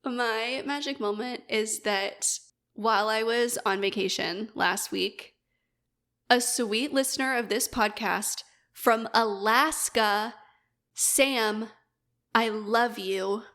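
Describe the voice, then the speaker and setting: A woman's voice: fairly high pitch, takes it slowly, fairly bright tone. A woman co-hosting a podcast, telling a story in a bubbly, gushing casual way. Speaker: podcast co-host. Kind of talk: casual chat.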